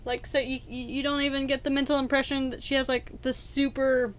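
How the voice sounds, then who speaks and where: A woman's voice: high voice, level tone, fairly quick. A woman hosting a let's play in casual chat, arguing emphatically and rambling through restarts.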